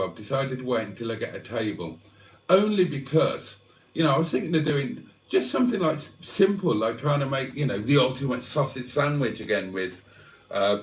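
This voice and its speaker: A man hosting a livestream, chatting to viewers in a rambling, wry, self-mocking way and clearing his throat often. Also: mid-range voice. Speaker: livestream host. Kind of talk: rambling casual chat to viewers. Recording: roomy sound, mic at a distance.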